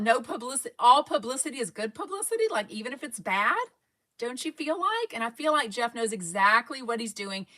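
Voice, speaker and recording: A woman's voice: a little high, sharp tone. A woman with a Texan accent hosting a casual fan livestream, rambling and reading viewers' comments aloud. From Texas. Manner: chatty, rambling, reads live comments aloud. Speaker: fan podcast host.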